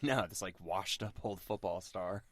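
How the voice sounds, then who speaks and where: A young man co-hosting a podcast in casual chat, animated and full of fillers, jumping into high mock voices when quoting. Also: moderate pace, crowd noise. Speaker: podcast co-host.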